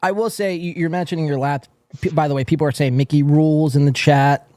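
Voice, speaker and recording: A man's voice: fairly high pitch, fairly even intonation, fast, warm tone, dry recording. A man hosting a casual podcast chat, earnest and hesitant, with lots of fillers like "uh" and "you know.". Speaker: podcast host.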